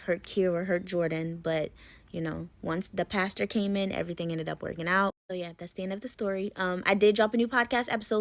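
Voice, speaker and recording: A young woman casually telling a story to her viewers, chatty and full of fillers, sometimes dropping to a hush. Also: medium pitch. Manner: chatty, lots of "like" and "you know", drops into hushed tones. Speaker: storyteller in a short clip.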